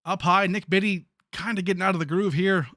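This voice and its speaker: A man with a high, light voice calling a sim truck race play-by-play. He talks in a chatty, excitable way, full of fillers and quick reactions to the action. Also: no room sound, clean studio sound. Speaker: sim racing play-by-play commentator. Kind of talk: live race commentary.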